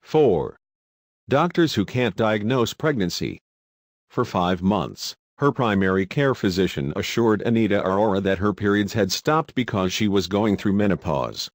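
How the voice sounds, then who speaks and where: A man with a fairly low voice reads a countdown list as scripted voice-over. His delivery is dry and wry. The sound is close and dead, with no room around it. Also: animated, moderate pace, no room sound. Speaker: list narrator.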